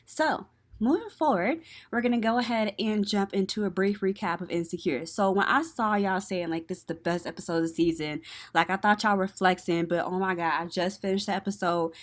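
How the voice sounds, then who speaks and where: A young woman hosts a casual talk show. She tells stories in a chatty, animated way and laughs easily. Her voice sits at an ordinary pitch for a woman. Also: fairly quick. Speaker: podcast host. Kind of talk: casual chat and show recap.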